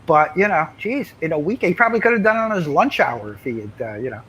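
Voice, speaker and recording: A man's voice: a little high, animated, fast talker, a bit bright, breathy edge, poor audio. An older man, a comics writer, telling anecdotes in casual interview chat, rambling with many fillers and restarts.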